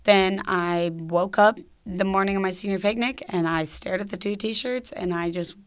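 A woman's voice: mid-range voice, fairly even intonation, moderate pace, clear, resonant tone. A young woman from Georgia in the US, telling a personal story in a casual, chatty way with lots of "like" fillers. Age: young adult.

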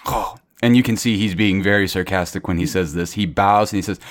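A man's voice: sits low, fairly quick, few pauses, no room sound. A man narrating as game master in a tabletop game, describing scenes plainly.

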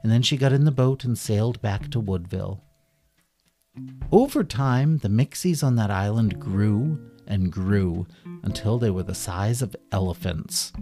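A man narrates a children's bedtime story in a playful, animated way. His voice is low and mellow, and his pitch moves a lot from line to line. A soft guitar plucks faintly behind him.

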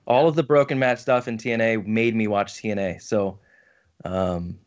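A man co-hosting a casual podcast, speaking in a thoughtful, measured way. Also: on the low side, steady tone, dull audio. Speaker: podcast co-host. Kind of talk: casual chat.

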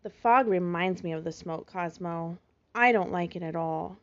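A woman voicing a small young girl fox kit, sweet and worried, with a soft, pouting, childlike manner, in a slightly muffled recording. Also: lowish voice, normal speed, lightly acted.

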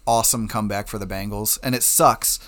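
On a casual fantasy football podcast, a young male co-host chuckles often as he reads stats aloud in a laid-back manner. He talks a little fast, his voice on the low side with a steady, fairly bright tone.

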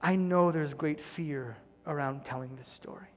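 A man preaching a sermon as pastor, earnest, often sinking to a soft near-whisper. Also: fairly high pitch, moderate pace, big-room sound, a little hiss or hum.

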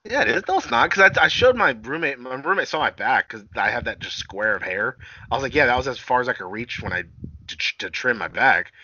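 A man's voice: mid-range voice, lively intonation, fairly quick, bright, forceful tone, muffled recording, a little hiss or hum. A young man co-hosting a casual podcast, profane and self-deprecating, laughing often. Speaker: podcast co-host.

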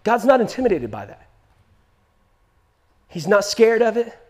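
A man preaching with a high, ringing voice, pressing his point again and again. His delivery jumps from loud, urgent bursts to quiet, intimate asides. He tells stories with animation, acting out the people in them. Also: a little slow. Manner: emphatic, repeats "listen to me", swings from loud to hushed; animated storytelling, acts out quoted voices. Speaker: pastor. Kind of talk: sermon.

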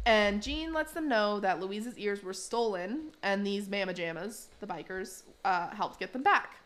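A woman in the middle pitch range chats through a casual recap. She talks loosely and laughs often, and her speech is full of fillers. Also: expressive, a little slow, a bit bright. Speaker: podcast host.

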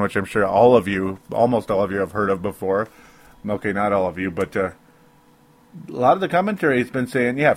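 A man hosting a sports talk show alone, ranting with emotion, rambling and interrupting himself with small laughs. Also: fairly low pitch. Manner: rambling, self-interrupting, laughs between points. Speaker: sports talk podcast host. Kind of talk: emotional solo sports rant.

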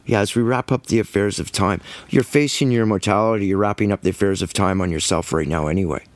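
Low-voiced emphatic male preacher. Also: fairly even intonation, fast talker, no room sound. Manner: emphatic, rhetorical questions, scornful of doubters. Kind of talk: sermon.

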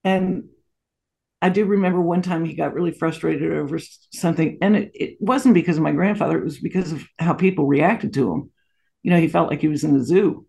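A woman in her sixties recounting family memories in an interview. Her voice has a gravelly fry, and she tells stories with lots of asides and small laughs. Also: low-pitched, fairly quick. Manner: warm anecdotal storytelling with frequent laughs and asides. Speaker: guest. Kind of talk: storytelling interview.

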